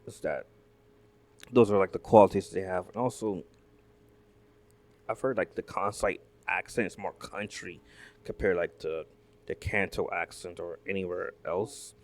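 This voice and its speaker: A man's voice: low-pitched, a little slow, long pauses. A man hosting a reaction video, chatting casually, rambling with many fillers and restarts and asking the viewers questions. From Southern United States.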